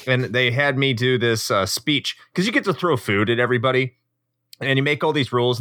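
A man's voice: on the low side, sharp tone, no echo, clean studio sound. A man co-hosting a casual podcast, telling rambling, playful stories. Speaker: podcast co-host.

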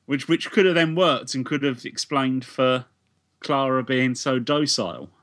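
A man's voice: medium pitch, unhurried, fairly bright tone. A British man co-hosting a podcast, casually picking apart a plot and asking questions. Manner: analytical, questioning. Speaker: podcast co-host. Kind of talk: casual review chat.

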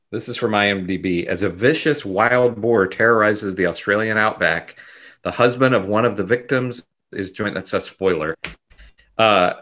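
Easygoing low-voiced male co-host. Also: fairly bright tone. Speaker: podcast co-host. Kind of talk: casual movie podcast chat.

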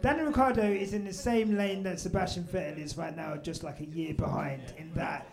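Brief: young-sounding man, high voice, brash live-podcast host, swears a lot. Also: fairly even intonation, brisk, vocal fry. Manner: loud, swearing, laughing banter. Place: live event venue with audience.

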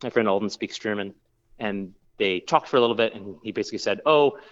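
A man's voice: fairly low pitch, steady tone, fast, a bit bright, dull audio. A man who works as a brewer, telling a long story in a casual interview, rambling with lots of fillers and restarts.

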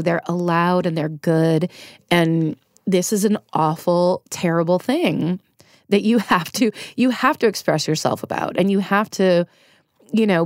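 A woman's voice: fairly low pitch, no echo, studio quality. A middle-aged woman guest, a comedian and TV writer from Northern California, telling a personal story frankly and emotionally, swearing now and then. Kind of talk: candid conversational storytelling.

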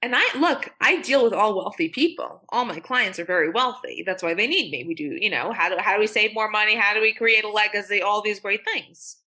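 A woman's voice: medium pitch, animated, fairly quick, few pauses, bright, forceful tone, breathy edge. A young woman attorney speaking as a guest in a podcast interview, blunt and emphatic, swearing freely. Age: young adult.

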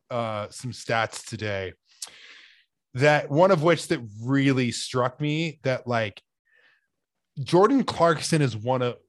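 A young man co-hosting a casual sports podcast, talking players over in a loose, animated way with lots of fillers. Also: mid-range voice, dry recording. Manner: animated, speculative, many "like" fillers.

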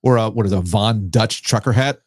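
A man co-hosting a sports podcast in casual chat, teasing and animated. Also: a little fast, dry recording, clean studio sound. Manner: animated, teasing, jumps into high mock shouts. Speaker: podcast co-host.

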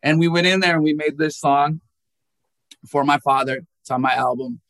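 Young man, musician guest, raised pitch, dry close sound, animated storyteller who jumps up for quotes. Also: normal speed, no echo. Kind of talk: candid emotional interview talk.

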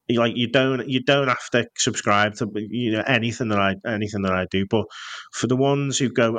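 A man's voice: mid-range voice, fairly quick, fairly bright tone, no room sound. A man with a Scouse accent, a guest in a casual interview, talking bluntly and jokily with some swearing. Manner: blunt, jokey, swears freely. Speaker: guest copywriter.

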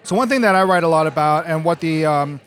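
A man's voice: fairly high pitch, quick pace, a bit bright. A man, a legal journalist, asking rambling interview questions with many fillers.

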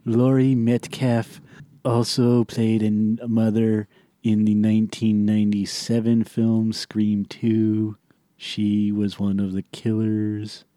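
Dry sardonic man, low voice. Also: completely flat delivery, slow pace, mellow, dry recording. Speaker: podcast co-host. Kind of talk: casual comedic chat.

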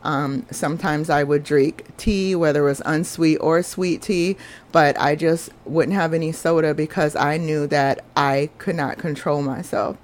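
In a fairly even, low voice and at a slightly slow pace, a woman hosting a podcast tells a personal story. She comes across as earnest, confessional and chatty.

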